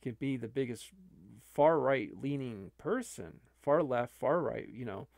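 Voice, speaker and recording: A man's voice: medium pitch, animated, a little slow, gravelly, a little mellow, no echo, clean studio sound. A man, an online video creator, talking casually and rambling with many restarts.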